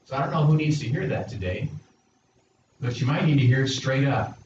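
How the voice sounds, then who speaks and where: A man's voice: medium pitch, expressive, a little fast, a little mellow. A man preaching a sermon as pastor, reading scripture aloud and giving God's words with rising emphasis. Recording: roomy echo, distant mic, dull sound with background noise.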